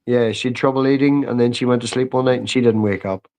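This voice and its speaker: A man talks casually on a live stream about home and family life. His voice is mid-pitched and ordinary, and he stumbles over words when he gets going. He swears freely in easy conversation. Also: fairly even intonation, fast, a little mellow. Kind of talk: casual chat.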